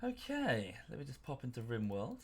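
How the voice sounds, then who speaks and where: A man's voice: mid-range voice, huge pitch swings, moderate pace, breathy edge. A man streaming from home in a casual, rambling chat, a bit out of breath. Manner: chatty, rambling with many fillers. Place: home room.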